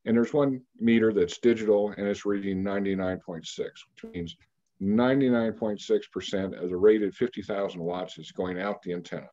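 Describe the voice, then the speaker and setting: Man, 60s, from Kansas, interview guest: low warm voice, measured storyteller, muffled lo-fi sound. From Kansas, United States. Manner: measured, anecdotal storyteller who pauses on fillers.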